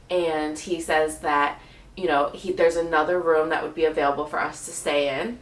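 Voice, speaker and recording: A woman in her late twenties telling a travel story in a relaxed, chatty way, with frequent laughs and fillers. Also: deep voice, normal speed. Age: late 20s. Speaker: vlogger. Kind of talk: casual storytelling. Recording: echoey room, voice a bit far from mic.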